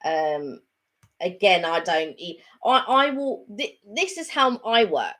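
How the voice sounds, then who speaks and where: A woman chatting casually as co-host of a live stream, her voice sitting a little low. She rambles comfortably, trailing off and restarting her sentences, with plenty of fillers along the way. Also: big pitch swings, takes it slowly, fairly bright tone. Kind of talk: casual chat.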